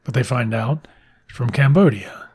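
A man tells a film's plot as a loose, profane, joking ramble. His voice is husky and slightly breathy, at an ordinary middle pitch. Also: normal speed, a little mellow. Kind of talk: casual film recap.

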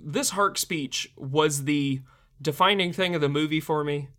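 Young guy rambling about a movie, lotsa likes and ums, a bit high voice. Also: measured pace, a bit bright. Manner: rambling, laughing, many fillers. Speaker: film reviewer. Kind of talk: casual video commentary.

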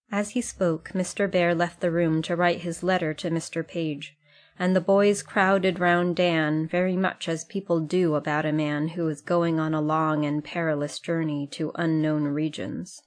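A woman reads a classic novel aloud for an audiobook, her lowish voice calm and even. She keeps a steady, unhurried storytelling pace. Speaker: audiobook narrator. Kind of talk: scripted narration.

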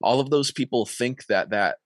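A man's voice: medium pitch, moderate pace, no room sound. A man co-hosting a podcast, rambling in casual chat with restarts and swearing.

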